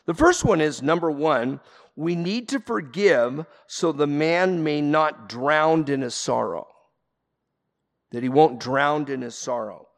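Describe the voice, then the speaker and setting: Gravelly-voiced preacher man in a reverberant hall. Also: fairly high pitch, lively intonation, slow pace. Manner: earnest preaching, rising to emphatic peaks. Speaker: pastor. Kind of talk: sermon.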